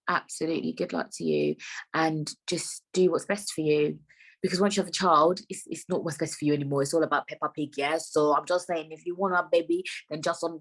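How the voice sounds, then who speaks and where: A young woman with a low, breathy-edged voice hosts her own podcast, delivering a casual solo monologue. She talks frankly and rambles, swearing plenty.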